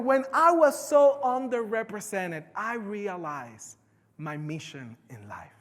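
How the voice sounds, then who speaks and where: A woman with a Spanish accent, a native Spanish speaker, giving a live conference talk in an animated, playful way and drawing in the audience. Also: medium pitch, takes it slowly, some chatter behind. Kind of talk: live keynote presentation. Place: large conference hall. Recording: echoey conference hall.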